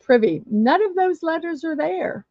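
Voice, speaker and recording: A woman's voice: very high voice, lively intonation, a little slow, no echo. A woman hosting a casual livestream, chatting and reading viewer comments aloud. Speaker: livestream host. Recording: dull lo-fi dry stream audio.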